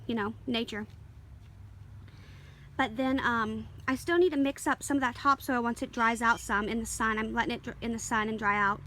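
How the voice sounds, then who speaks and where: A woman with a somewhat high voice shows off her garden on a handheld camera. She rambles at an easy pace, full of ums and quick apologies. Faint open-air ambience hangs behind her voice. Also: fairly bright tone, slight background noise. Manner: rambling, easygoing, full of fillers and small apologies. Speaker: garden vlogger. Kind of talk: casual garden tour. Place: outdoors in a home garden. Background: faint outdoor ambience, passing planes.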